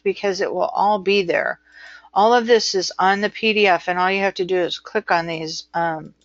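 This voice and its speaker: A woman's voice: medium pitch, a bit bright, no echo, lo-fi sound. A middle-aged woman teaching a transcription class, talking casually and rambling, with frequent ums and asides. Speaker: transcription instructor. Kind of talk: casual webinar lecture.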